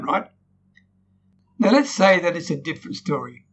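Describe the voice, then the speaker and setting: Guy teaching storytelling, kinda high voice, always going "right?", dull lo-fi sound w/ faint hiss. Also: animated, moderate pace, pauses often, fairly bright tone. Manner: demonstrates tones, frequent "right?" tag questions. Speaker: storytelling coach. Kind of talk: recorded lesson.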